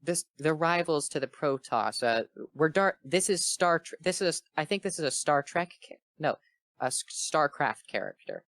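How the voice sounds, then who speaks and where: A man reading a fanfiction aloud for a comedy show, slipping in quick character voices and breaking off to joke. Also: fairly high pitch, expressive, fairly bright tone, no room sound. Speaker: fanfiction reader. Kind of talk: comedic dramatic reading with commentary.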